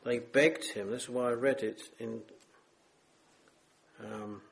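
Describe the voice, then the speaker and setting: Male preacher, unhurried sermon, earnest pleading tone, mid-pitched. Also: fairly even intonation, creaky. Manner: earnest, solemn, pleading with listeners.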